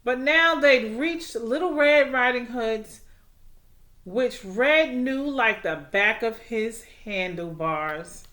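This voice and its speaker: A woman teacher reading a storybook aloud, with expressive, animated storytelling. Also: a little high, takes it slowly.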